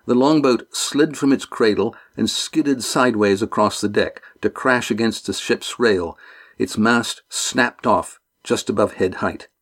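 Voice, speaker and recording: A man narrating a novel as an audiobook, steady and measured. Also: fairly low pitch. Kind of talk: scripted narration.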